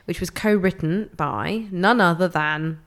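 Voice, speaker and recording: A woman's voice: on the low side, a little slow. A woman co-hosting a podcast in casual chat, wry and playful, often giggling. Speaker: podcast co-host.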